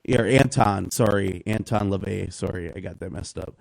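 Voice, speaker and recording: A man chatting on a talk show, telling stories in a rambling, animated way. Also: low voice, normal speed, creaky, dry recording, low-quality recording. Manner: rambling, animated storytelling with acted quotes. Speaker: guest. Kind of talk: casual talk show conversation.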